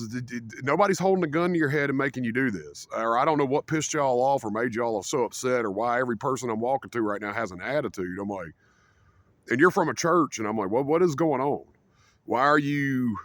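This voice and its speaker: A man's voice: medium pitch, fairly bright tone, no room sound. A young man telling a rambling, profane story to camera as a casual rant. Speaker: vlogger.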